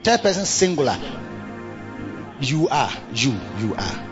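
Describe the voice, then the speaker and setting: A man preaching a sermon. He repeats himself and swings between low murmurs and loud bursts of emphasis. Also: big pitch swings, unhurried, dull audio, over music.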